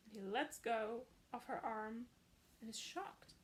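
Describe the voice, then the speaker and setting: A woman's voice: fairly high pitch, unhurried, a little hiss or hum. A woman recapping a film in a chatty, casual way, dropping sarcastic asides.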